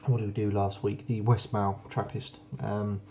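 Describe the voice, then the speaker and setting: A man's voice: on the low side, little pitch movement, normal speed, warm tone, a little hiss or hum. A young man chatting casually and enthusiastically while reviewing beers, rambling with plenty of ums. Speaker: beer reviewer. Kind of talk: casual beer review vlog.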